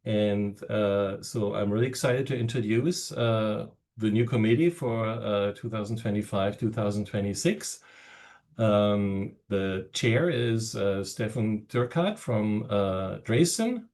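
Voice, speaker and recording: A man with a German accent giving seminar opening remarks as a research network director over a video call, halting with many fillers and pauses. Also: on the low side, a little mellow.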